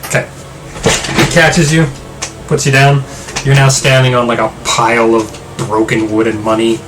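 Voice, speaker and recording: A man's voice: medium pitch, little pitch movement, moderate pace, background noise. A man running a tabletop game as game master, narrating loosely with many fillers and restarts.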